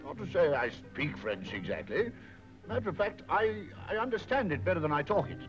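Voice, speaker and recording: An actor playing a casual, folksy café patron in a 1930s film. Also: male voice, a little high, big pitch swings, a little fast. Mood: friendly. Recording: muffled old 1930s film soundtrack with music.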